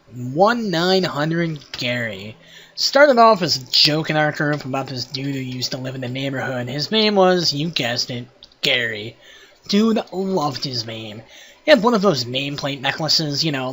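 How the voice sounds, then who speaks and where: A man's voice: a little high, sharp tone, a little hiss or hum. Wry man reading game text aloud. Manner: wry, profane asides. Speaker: let's play host.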